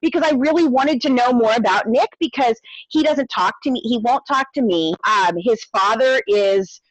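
A middle-aged woman telling her story in a casual interview, animated and climbing to high exasperated tones. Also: normal speed, dry recording, low-quality recording. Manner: animated, rising to high exasperated pitch when retelling exchanges. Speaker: documentary creator interviewed as guest.

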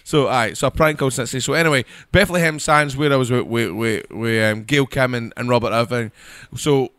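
A man's voice: medium pitch, a little fast, no room sound, studio quality. A tipsy man, telling rambling, swear-filled stories in casual podcast banter. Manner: rambling animated storyteller, swears freely. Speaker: podcast co-host.

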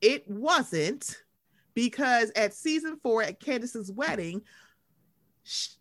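A woman's voice: on the high side, takes it slowly, dry recording, clean studio sound. A woman, recapping reality TV gossip in casual chat and acting out quotes. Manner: animated gossip, acts out quotes. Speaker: podcast co-host.

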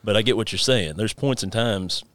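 Lowish-voiced guy hosting a podcast, laughs a lot, rambles, dry close mic. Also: moderate pace, no echo. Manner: laughs often, rambling and animated storytelling. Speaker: podcast host. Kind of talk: casual podcast chat.

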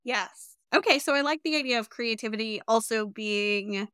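Chatty, animated young woman host. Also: on the high side, normal speed, clean tone, no echo, studio quality. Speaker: podcast host. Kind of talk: casual interview chat.

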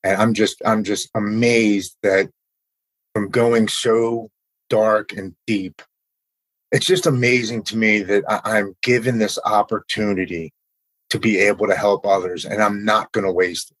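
Earnest man in his forties, low husky voice, dry close sound, halting recovery talk. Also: fairly even intonation, dry recording, poor audio. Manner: earnest, halting, with repeated restarts. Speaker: person in recovery sharing his story. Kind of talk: casual conversation.

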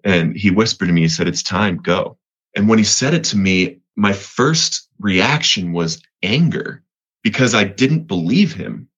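A man's voice: fairly low pitch, very animated, unhurried, fairly bright tone, husky, dull audio. A man from Colorado, a podcast guest giving an earnest personal faith testimony, often restarting and repeating words.

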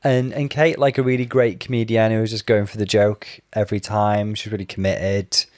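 A man's voice: lowish voice, little pitch movement, fairly quick, darkish tone, no echo. A man co-hosting a podcast in casual chat, making dry, wry remarks. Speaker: podcast co-host.

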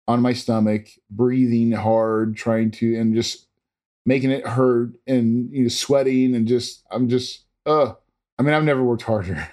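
A man's voice: mid-range voice, darkish tone. A man earnestly telling a personal story in a casual, rambling way, with frequent restarts and fillers. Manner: imitates monitor beeps.

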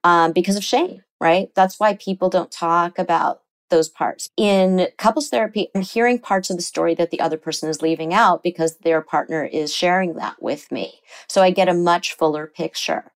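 A middle-aged woman speaks with a slightly low, earnest voice, explaining ideas patiently like a therapist would. She gets animated when she acts out what people say. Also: normal speed, hardly any pauses, poor audio. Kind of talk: interview conversation.

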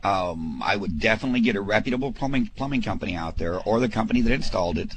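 A man co-hosting a home improvement radio show, explaining fixes in a steady, expert way. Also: fairly low pitch, fast, a little hiss or hum, poor audio. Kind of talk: call-in radio advice.

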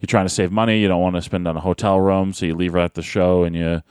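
A man's voice: sits low, quick pace, clear, resonant tone, dry recording. Man, wrestler type, casual podcast storyteller, laughs a lot, dry close mic. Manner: animated storyteller, laughs often, acts out voices. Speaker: pro wrestler, podcast guest.

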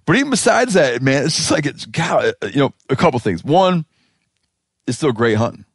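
A man hosting a podcast, talking in a rambling, animated, casual way and swearing now and then. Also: medium pitch, moderate pace, husky, no echo, clean studio sound. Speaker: podcast host. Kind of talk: casual chat.

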